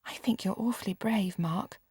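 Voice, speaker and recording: A woman's voice: mid-range voice, a little slow, slightly rough, no room sound, studio quality, pitched above the performer's own voice. A woman reader voicing a frightened, meek young girl who turns apologetic and tearful. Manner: anxious, apologetic, tearful at times.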